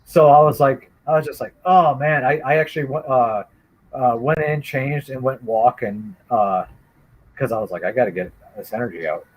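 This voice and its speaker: Husky man telling a story. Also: mid-range voice, moderate pace, poor audio. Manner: animated storyteller, acts out quotes. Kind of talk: casual chat.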